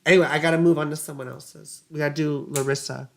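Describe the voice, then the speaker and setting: A woman's voice: low-pitched, fairly even intonation, quick pace, creaky. A woman giving a casual astrology reading, chatty and rambling, drifting into side stories. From United States. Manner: rambling, digressive, chatty, self-mocking.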